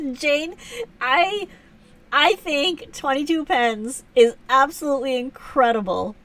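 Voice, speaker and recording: A woman's voice: high voice, slow, pauses often, a bit bright, recorded from a distance. A woman hosting a live stream, chatting casually with viewers and teasing herself, with frequent laughs. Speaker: livestream host.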